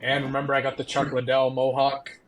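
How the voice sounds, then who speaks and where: A man's voice: mid-range voice, a little fast, over a noisy crowd. Laughing young man telling stories. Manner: animated, laughing often, acts out quotes. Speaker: podcast guest, former college baseball player. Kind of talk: casual storytelling.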